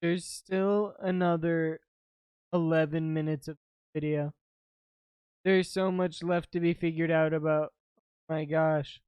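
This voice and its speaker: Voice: medium pitch, steady tone, slow, pauses often, a little mellow, clean tone, no echo. A reaction video host making short, surprised comments during a story. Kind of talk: casual reactions.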